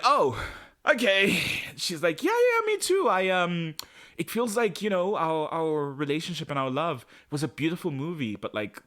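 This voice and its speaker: A man co-hosting a podcast, recapping a TV episode in casual chat, sarcastic and quick to act out the characters. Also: on the low side. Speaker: podcast co-host.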